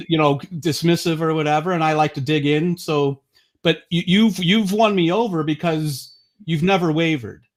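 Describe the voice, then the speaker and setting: Blunt, swearing man with a high voice. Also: steady tone, normal speed. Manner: blunt, profane, rambling. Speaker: guest. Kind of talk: casual political chat.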